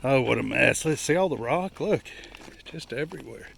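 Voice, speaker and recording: A man talking to his viewers in a casual, folksy way while walking over rough ground at a rural building site, filmed on a handheld camera. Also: medium pitch, expressive, moderate pace. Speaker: vlogger. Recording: outdoor recording with clear background noise.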